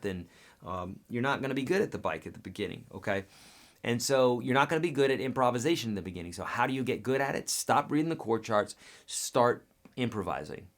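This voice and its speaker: Casual guitar teacher man, live Q&A. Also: medium pitch. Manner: casual, direct, frequent "okay?" check-ins. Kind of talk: live webcast Q&A.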